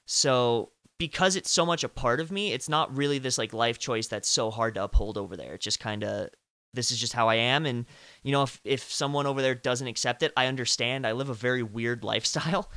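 A young man in his twenties with a bright, crisp voice, hosting a relaxed chat. He speaks earnestly and at length, often dropping low and quiet at the ends of his thoughts, recorded dry and close. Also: a little fast, no echo. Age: 20s. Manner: earnest and talkative, trailing off low. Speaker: host, interviewer. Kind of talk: casual video call chat.

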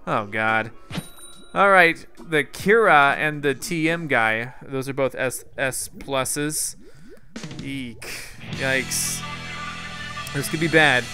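A young man giving casual live commentary on his own gameplay, excitable and quick to break into loud frustration. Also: medium pitch, faint music behind. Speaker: gaming YouTuber.

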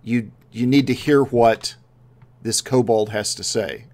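A man voicing a temple priestess who speaks calmly and earnestly in his own plain voice. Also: mid-range voice, measured pace, natural voice. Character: calm temple priestess tending the sick.

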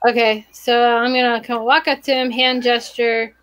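A woman's voice: fairly high pitch, level tone, moderate pace, fairly bright tone, clear, resonant tone, rough recording. A woman playing a tabletop game, thinking aloud and hesitant as she describes her moves. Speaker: player.

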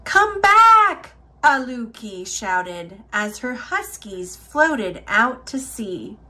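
At a medium pitch, a woman reads aloud from a children's picture book, her delivery expressive and carefully paced like a bedtime story.

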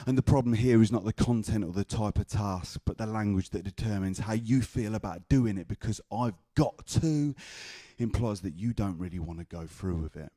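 At an open mic, an English man performs rhythmic, chant-like spoken word poetry, weaving in stories between pieces. He talks a little fast with few pauses, in a fairly low, warm voice. The recording is clean studio sound with no room sound.

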